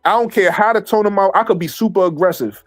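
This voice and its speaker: A man's voice: sits high, fast talker, faint music behind. A man hosting a casual livestream chat, talking animatedly, repeating himself and swearing freely. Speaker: livestream host.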